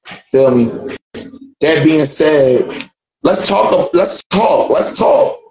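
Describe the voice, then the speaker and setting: Man host, casual, slightly high voice, echoey room with light noise. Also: lively intonation, very slow, darkish tone. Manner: laid-back, repeats "feel me" and "let's talk". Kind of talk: casual live-stream chat.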